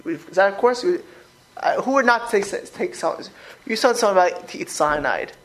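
A man with a high, expressive voice speaks briskly on a low-quality recording. He is a rabbi teaching a religious class informally, repeating words and acting out quoted speech as he questions his listeners.

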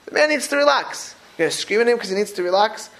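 A rabbi gives a loose, informal talk, his voice sitting high and edged with a gravelly fry. He rambles and restarts, repeats phrases and tumbles into animated anecdotes. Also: quick pace.

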